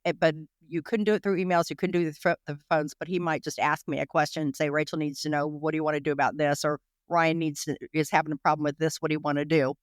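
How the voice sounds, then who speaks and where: A woman's voice: sits low, flat delivery, no room sound, studio quality. A woman guest in an interview, recounting her experiences in a candid, emotional way with many restarts and fillers. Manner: rapid, emotional, full of restarts and "you know".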